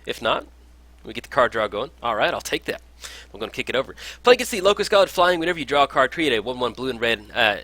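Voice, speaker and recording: Man, upbeat card game commentary, quick talker, crisp bright tone, lowish voice. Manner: upbeat, chatty, lots of fillers. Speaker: gameplay commentator.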